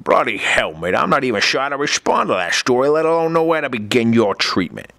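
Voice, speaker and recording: A man's voice: mid-range voice, sing-song, a little fast, vocal fry, bright, forceful tone, dry recording, full character voice. A man voicing an exasperated, foul-mouthed male cartoon therapist with a sarcastic delivery. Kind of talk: cartoon comedy voice acting.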